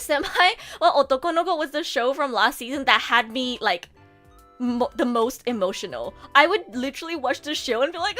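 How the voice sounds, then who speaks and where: A woman streamer chatting casually and excitedly, with lots of fillers and swings into near-tearful gushing. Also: high voice, normal speed, soft background music. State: emotional, near tears at times. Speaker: VTuber streamer. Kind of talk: casual livestream chat.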